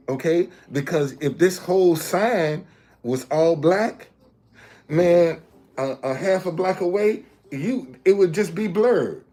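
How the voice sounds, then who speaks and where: Brief: man hosting his own video channel, unhurried and emphatic, higher-pitched speaking voice. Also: mellow. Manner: repetitive, checks in with viewers often; emphatic, explaining step by step. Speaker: street messenger and video host. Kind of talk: casual talk to viewers.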